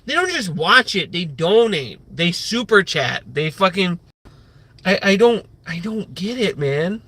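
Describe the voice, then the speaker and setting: A man with a high voice talks on a casual live stream, rambling loosely and swearing freely. His tone is bright and forceful, and his sentences are heavy with "like." It sounds like unscripted, off-the-cuff chat. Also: big pitch swings, measured pace, husky. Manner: rambling and profane, heavy use of "like".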